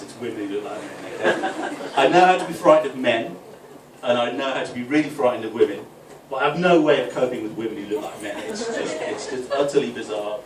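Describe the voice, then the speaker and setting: A man doing a stand-up set in a club function room, telling a rambling story and checking in with the crowd. He is heard from a distance in an echoey room, with a noisy background of crowd ambience. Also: medium pitch. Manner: storytelling with frequent "right?" tags. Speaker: stand-up comedian. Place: football club function room with a live audience.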